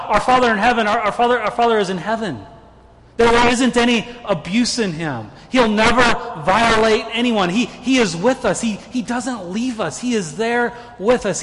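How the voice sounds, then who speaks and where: A man's voice: high voice, fairly bright tone, in a large hall. A man preaching a sermon as a pastor, earnest and stumbling into repeated words as he presses his points.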